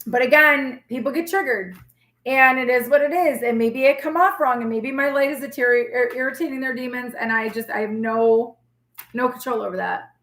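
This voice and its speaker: A woman, a tarot reader talking candidly to her live-stream viewers in a sassy, feisty, rambling way, with a forceful tone that can sound like yelling. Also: a little high, moderate pace. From New York. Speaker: tarot reader and channel host. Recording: echoey room.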